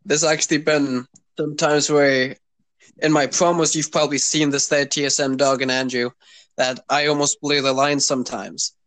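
A man's voice: fairly high pitch, little pitch movement, moderate pace, fairly bright tone, dry recording, low-quality recording. A man in his twenties hosting a casual podcast. He rambles with many fillers and keeps asking "you know what I mean". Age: 20s. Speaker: podcast host.

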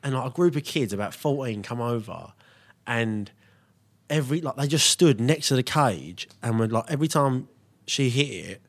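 A man's voice: medium pitch, lively intonation, moderate pace. A young man, chatting casually as a podcast co-host in a laid-back way and swearing now and then. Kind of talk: casual chat.

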